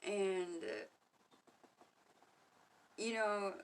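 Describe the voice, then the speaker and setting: A woman talking casually to camera in a rambling, profane monologue about spirituality, often laughing and getting loud when she quotes others. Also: fairly low pitch, moderate pace, recorded from a distance. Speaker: spiritual vlogger.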